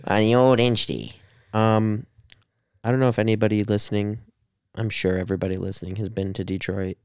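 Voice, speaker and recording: A man's voice: fairly low pitch, level tone, moderate pace, darkish tone, clean tone, no echo, clean studio sound. A young man co-hosting a podcast, rambling casually with lots of fillers and frequent laughs. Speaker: podcast co-host. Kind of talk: casual chat.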